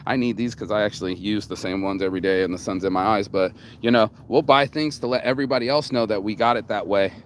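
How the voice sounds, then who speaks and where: Vlogging outdoors in the sun, a man delivers a rambling, casual monologue, cocky and profane, circling back and restarting his thoughts. He talks fast with few pauses in a voice on the low side, with a little hiss or hum audible.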